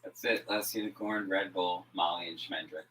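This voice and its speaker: A man's voice: low-pitched, steady tone, moderate pace, fairly bright tone, poor audio. A man chiming in from off-mic during a casual chat with brief, playful suggestions. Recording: voice from across the room, off-mic.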